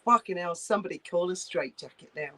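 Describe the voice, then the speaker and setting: A woman's voice: on the low side, a little fast, fairly bright tone, low-quality recording. A woman in casual chat who talks bluntly, swears freely and mocks people. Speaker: co-host.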